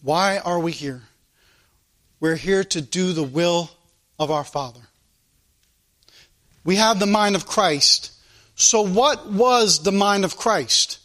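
A man preaching a sermon in church, his voice rising and dropping sharply in loudness as he goes. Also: high-pitched, slow pace, pauses often. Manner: preaching with sudden rises and drops in loudness. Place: church service.

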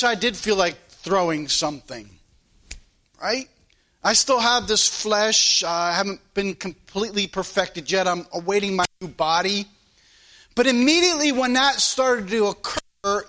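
Male preacher, high and bright-toned, earnest sermon with storytelling and rhetorical questions.

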